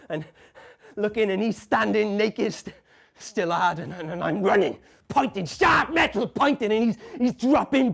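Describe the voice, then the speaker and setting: An actor in a live stage monologue playing a tormented man who caught his wife cheating. He stammers, repeats broken phrases, and swings between hushed murmurs and shouts. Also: high-pitched, gravelly, breathy edge, exaggerated voice. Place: café bar stage before a live audience.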